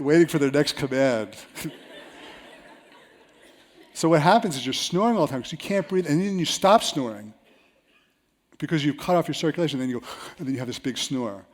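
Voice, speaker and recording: A man presenting a seminar to a live audience. He tells self-mocking stories with lively energy. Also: on the high side. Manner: storytelling, animated, with self-mocking anecdotes.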